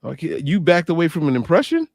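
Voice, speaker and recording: A man's voice: fairly high pitch, very animated, fast talker, creaky, darkish tone, dry recording. A man in his thirties, co-hosting a podcast in loose, joking, slangy chat. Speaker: podcast co-host. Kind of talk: casual livestream chat.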